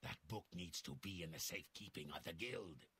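An actor playing a stern older male guild master in a fantasy game, commanding and secretive, with a gravelly voice. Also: low-pitched, animated, fairly quick, sharp tone.

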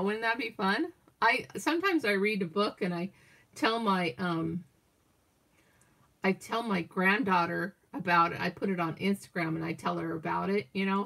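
A woman's voice: lowish voice, creaky, fairly bright tone. An older woman hosting a crafting livestream, chatting in a meandering way while she cuts out pictures and reads a children's story aloud.

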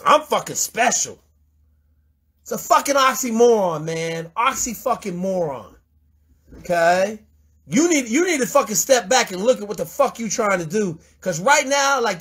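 A man with a very high, husky voice lectures in a blunt, profane rant. He is confrontational and swears constantly, hammering his point home. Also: a bit bright. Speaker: host mentor.

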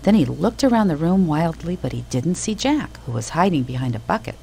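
Low, gravelly woman storyteller. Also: brisk, heavy background noise. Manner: expressive, animated reading. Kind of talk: children's storybook narration.

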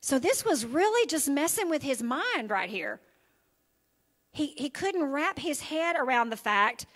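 A woman's voice: sits high, big pitch swings, unhurried, a bit bright. A woman pastor preaching an evening sermon in a conversational style, often checking in with her listeners. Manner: conversational preaching with frequent "okay?" and "right?" check-ins. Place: church sanctuary.

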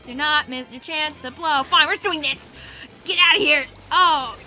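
A young woman streamer giving excitable, teasing commentary on her own gameplay from a desk microphone at home. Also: sits high, moderate pace, soft background music. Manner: playful, teasing, squealing and laughing often. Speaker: gaming streamer.

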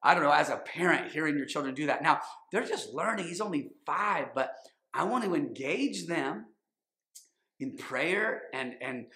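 A man's voice: fairly high pitch, expressive, normal speed, pushed and bright. A man in his thirties preaching a sermon as pastor, emphatic and repetitive, often acting out quotes. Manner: emphatic, repeats phrases, acts out quotes. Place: church sanctuary. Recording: echoey church hall.

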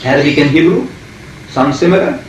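A man's voice: a little high, animated, fairly quick. A man leading a heated religious debate, lecturing and pressing his listeners with repeated questions. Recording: echoey room, voice far from mic, faint noise.

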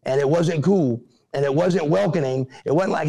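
A middle-aged man, a guest telling animated stories and acting out what people said. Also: fairly high pitch, a little slow, creaky. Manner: animated, acts out quotes in other voices. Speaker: interview guest, former pro wrestler. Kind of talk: casual storytelling.

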